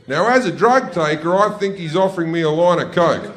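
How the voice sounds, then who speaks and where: A man's voice: on the high side, expressive, brisk, noisy background. A man with an Australian accent doing profane stand-up comedy on a club stage, telling a brash story to a laughing audience.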